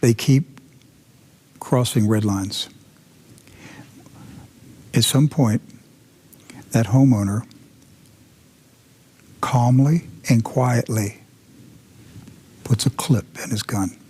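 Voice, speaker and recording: A man's voice: medium pitch, extremely slow, long pauses, darkish tone, slightly rough. A man hosting a commentary show, telling a dramatic story with emphatic repetition and sudden drops into intense whispers.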